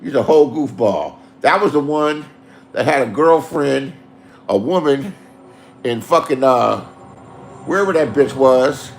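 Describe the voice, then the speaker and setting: A middle-aged man, telling profane street stories in a loose, animated way. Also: medium pitch, measured pace, long pauses, a little hiss or hum. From Inglewood, Los Angeles. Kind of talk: casual storytelling.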